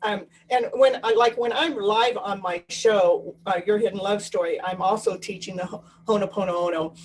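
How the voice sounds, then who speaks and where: A woman's voice: mid-range voice, normal speed, poor audio. A woman hosting her own talk show, chatting in an eager, affirming way. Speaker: show host. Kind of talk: casual conversational interview.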